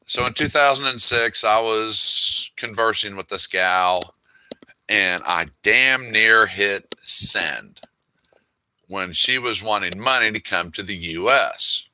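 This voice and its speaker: A man's voice: on the low side, takes it slowly, sharp tone, slight background noise. A middle-aged man in a casual monologue, reading emails aloud with wry, exasperated asides. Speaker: author.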